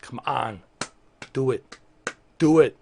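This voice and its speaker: A man's voice: mid-range voice, takes it slowly, vocal fry, slightly rough. A man chatting casually on a livestream, ranting at his viewers with lots of swearing. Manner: animated, profane ranting at viewers.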